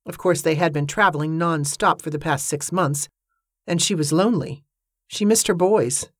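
A woman narrates a novel in a steady, even storytelling manner. Her voice sits on the lower side. The recording is dry and close, with no room sound. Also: moderate pace, no room sound. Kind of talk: audiobook narration.

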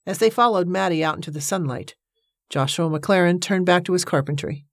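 A woman narrating an audiobook in a measured storytelling manner. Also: fairly low pitch, no room sound, clean studio sound.

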